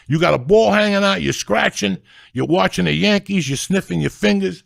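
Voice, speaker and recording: A middle-aged man telling comic stories as a podcast guest, loud, ranting and foul-mouthed. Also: high voice, normal speed, creaky, no room sound, clean studio sound. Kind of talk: profane comic storytelling.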